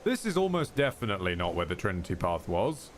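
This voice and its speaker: A man's voice: low voice, big pitch swings, fast, a little hiss or hum. A man streaming a game live, talking to himself with sarcastic, jokey commentary. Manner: sarcastic, jokey self-talk.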